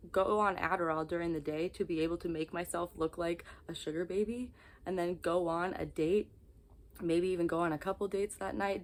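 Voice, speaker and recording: A young woman talking to camera in a confessional vlog, exhausted, candid and rambling. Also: fairly low pitch. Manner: candid, rambling, emotionally raw. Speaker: vlogger.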